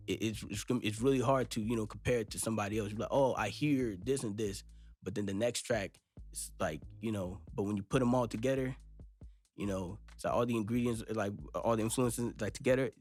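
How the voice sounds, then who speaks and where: A man's voice: on the low side, a little fast, darkish tone, soft background music. A young man from Los Angeles with a laid-back West Coast accent, talking casually in a studio interview and rambling with lots of fillers. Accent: West Coast American. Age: young adult. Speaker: rapper guest. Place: recording studio.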